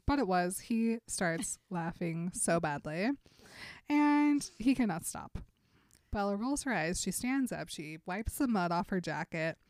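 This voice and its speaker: A woman's voice: mid-range voice, no echo, clean studio sound. A woman casually retelling a novel's scenes as a podcast co-host, laughing often and quoting the characters in passing. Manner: animated storyteller who laughs often and quotes characters in passing. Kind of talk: casual chat.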